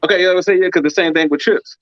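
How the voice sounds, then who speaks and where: A man's voice: high-pitched, steady tone, racing, dry recording. A man in a casual panel chat giving blunt opinions, sometimes stumbling over words, on a slightly dull lo-fi mic.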